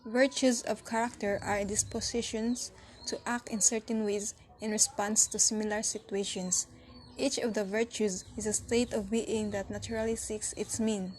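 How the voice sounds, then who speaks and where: A woman's voice: mid-range voice, little pitch movement, normal speed, slight background noise. A woman presenting a school lesson, reading scripted text, with section headings said with a lift. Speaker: student presenter.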